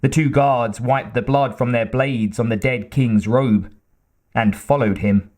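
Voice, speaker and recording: Male narrator, mid pitch, very slow measured audiobook reading. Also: steady tone, darkish tone. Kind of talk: scripted narration.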